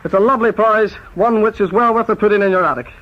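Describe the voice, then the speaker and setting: A man hosting a spoof quiz in a brisk, mock-formal announcing style. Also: high-pitched, slight background noise. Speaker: quizmaster. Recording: dull lo-fi tape recording.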